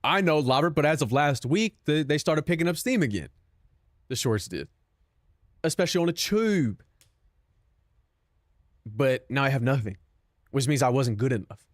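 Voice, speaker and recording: A man's voice: medium pitch, expressive, normal speed, pauses often, dry recording, clean studio sound. A young man streaming and chatting casually with his viewers, joking, swearing and mocking himself. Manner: self-mocking, profane, joking.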